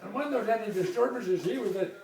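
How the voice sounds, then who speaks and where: A man's voice: high-pitched, fast talker, a loud crowd. An older man, the father, chiming into a family story with his own memories and corrections. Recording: echoey room, far from mic, noisy.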